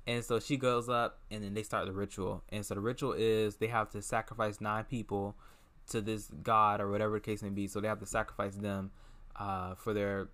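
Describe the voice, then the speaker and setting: A young man casually retelling a film's plot, animated and gossipy, with sassy asides and squealed imitations. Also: lowish voice, a little fast. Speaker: movie reviewer.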